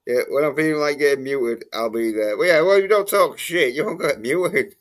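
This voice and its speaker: A man's voice: a little high, moderate pace. A man in casual late-night chat as stream co-host, laid-back and hesitant.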